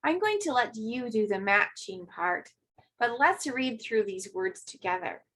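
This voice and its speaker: Lady teacher reading with little kids, kinda high voice, nice and slow. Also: expressive, a bit bright, rough recording. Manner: slow, clear, encouraging teacher talk to young children. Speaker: grade two teacher. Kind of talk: remote classroom phonics lesson.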